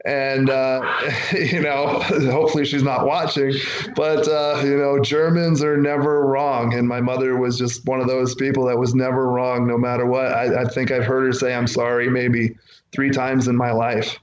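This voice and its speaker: A man's voice: medium pitch, little pitch movement, moderate pace. A man telling stories in a loose, rambling way, jumping between his own words and the voices of people he quotes. The recording sits in an echoey room with a faint hiss underneath. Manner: rambling, acts out quotes from others. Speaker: wrestler guest. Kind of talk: casual interview storytelling.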